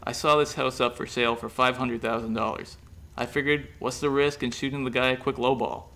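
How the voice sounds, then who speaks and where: A man's voice: mid-range voice, steady tone, a little fast, sharp tone. A man doing a nonchalant, careless young schemer. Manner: offhand, shrugging delivery.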